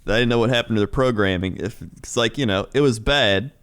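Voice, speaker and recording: A man's voice: medium pitch, quick pace, fairly bright tone, smooth. Laid-back man making wry asides. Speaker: podcast co-host. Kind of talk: casual chat.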